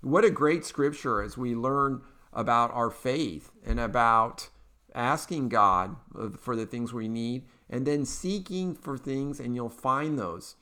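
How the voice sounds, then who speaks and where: A man with an Eastern Kentucky accent hosts his own political talk podcast. He rambles in a chatty, upbeat way, full of fillers and restarts. His voice sits mid-pitch and sounds smooth and resonant. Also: slow, pushed and bright. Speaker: podcast host. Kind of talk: casual political commentary.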